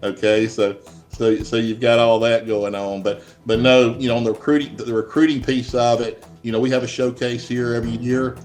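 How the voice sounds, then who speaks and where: A man's voice: mid-range voice, little pitch movement, normal speed, a little mellow, faint music behind. A middle-aged man, a college baseball head coach answering interview questions in a plainspoken, rambling way. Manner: rambling, many restarts, plainspoken.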